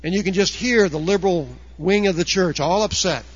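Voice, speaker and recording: A man's voice: high-pitched, fairly quick, lo-fi sound. A man preaching a sermon earnestly, raising his voice to act out quoted objectors. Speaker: pastor.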